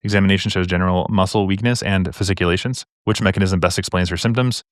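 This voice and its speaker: A man's voice: low voice, fairly even intonation, no room sound, clean studio sound. A man tutoring for a medical exam, working through practice questions in a casual way with the odd joke. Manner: quick, casual, joking asides.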